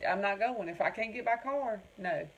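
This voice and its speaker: A woman's voice: mid-range voice, moderate pace, a little hiss or hum, rough recording. A woman with a Southern American accent hosting a craft livestream, chatting in a folksy way and answering viewer comments by name. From North Carolina. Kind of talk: casual livestream chat reading viewer comments.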